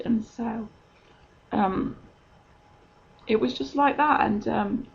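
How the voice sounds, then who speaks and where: Gravelly middle-aged woman chatting thru her faith story, dull lo-fi sound. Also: a little high, takes it slowly, pauses often. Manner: chatty storytelling, many ums. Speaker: podcaster. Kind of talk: personal faith testimony. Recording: dull lo-fi recording.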